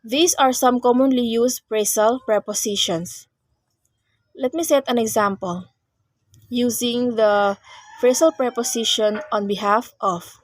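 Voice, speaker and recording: A woman's voice: on the high side, unhurried, dry recording. Young woman explaining grammar. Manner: reads explanations in short phrases, with small restarts. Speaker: student presenter. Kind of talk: class report on grammar.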